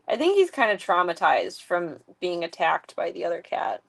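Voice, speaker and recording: Lively woman streamer chatting at home. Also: normal speed, creaky, few pauses. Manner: lively, coos at her cats in a high voice. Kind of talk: casual livestream chat. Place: home with pets.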